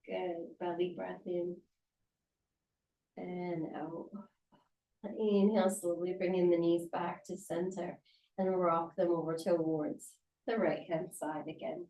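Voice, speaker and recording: A woman's voice: fairly low pitch, flat delivery, warm tone. Soothing woman guiding a yoga class. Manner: soothing, encouraging, unhurried cues. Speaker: yoga teacher. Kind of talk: guided yoga class instruction. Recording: roomy sound from a distance.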